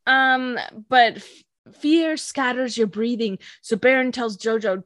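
A woman co-hosting a podcast, retelling a wild story with lively energy and acting out the characters' quotes. Her voice sits a little high and sounds dry and close. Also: slow pace, no room sound. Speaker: podcast co-host. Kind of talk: casual podcast chat, recapping a story.

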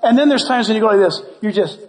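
A man preaching a sermon in a high, lively voice that leaps up and down as he acts out prayers and bits of dialogue. His playful delivery rings out with a long reverb from a big hall. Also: quick pace. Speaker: pastor.

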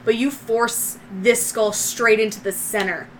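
A woman's voice: a little high, fairly even intonation, measured pace, a little hiss or hum. A woman narrating as game master of a tabletop game, describing scenes in a loose, descriptive way with fillers.

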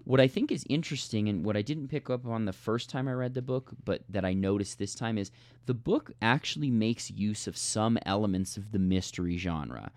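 A man's voice: on the low side, normal speed, a little mellow, no room sound. A man co-hosting a book podcast, talking through a novel in a thoughtful, analytical way. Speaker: podcast co-host. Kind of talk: casual book discussion.

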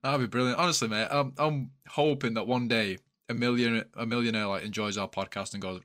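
A man's voice: medium pitch, fairly even intonation, brisk, hardly any pauses, a bit bright. A man co-hosting a podcast, bantering and joking with plenty of swearing. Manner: joking, sweary, calls people mate. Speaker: podcast co-host. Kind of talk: casual banter.

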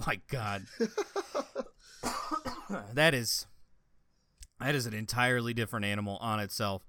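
A man co-hosting a podcast in casual chat, an animated storyteller who swears freely. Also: mid-range voice, clear, resonant tone. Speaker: podcast co-host.

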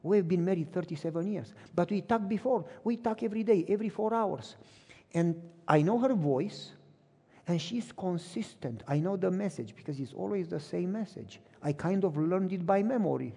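A middle-aged man preaching a sermon, telling personal stories with lively delivery and acting out both voices in phone conversations. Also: sits high, normal speed, creaky, husky. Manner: animated storytelling, acts out both sides of phone calls. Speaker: pastor. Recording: reverberant hall.

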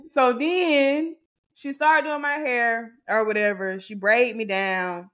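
A woman co-hosting a podcast, telling an animated, exasperated story and acting out what others said. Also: fairly high pitch, slow. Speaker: podcast co-host. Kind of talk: casual storytelling to a co-host.

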